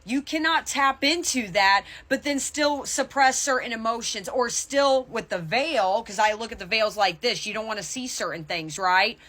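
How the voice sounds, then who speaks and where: A woman's voice: a little high, normal speed, hardly any pauses, a bit bright. A young adult woman tarot reader talking to the camera in a chatty spiritual vlog, often checking in with "okay?". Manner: chatty, repeats "okay?" to the viewer.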